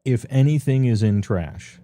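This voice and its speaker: A man's voice: mid-range voice, lively intonation, a little slow, mellow. A man streaming a casual, rambling rundown of tabletop game books, offhand and full of ums. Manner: loose and offhand, many ums, laughs at himself.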